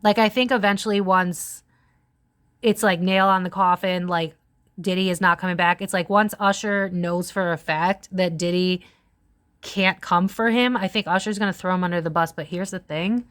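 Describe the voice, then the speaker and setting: Woman in her thirties, tarot reader, casual and chatty, lots of fillers, animated pitch swings. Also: normal speed, clean tone. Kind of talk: casual psychic reading monologue.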